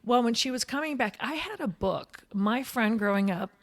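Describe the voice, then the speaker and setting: A woman tells a story in a casual podcast chat. Her voice sits a little high, and she slips into the voices of the people she quotes. She keeps an animated storyteller's pace throughout. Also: moderate pace. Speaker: podcast co-host.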